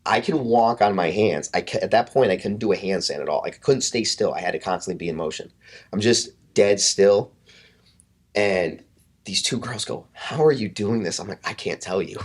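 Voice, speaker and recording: A man in his thirties with a very deep voice tells a story on a podcast. He talks casually and swears freely. He acts out what other people said. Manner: animated, swears often, acts out quotes. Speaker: podcast guest, fitness coach.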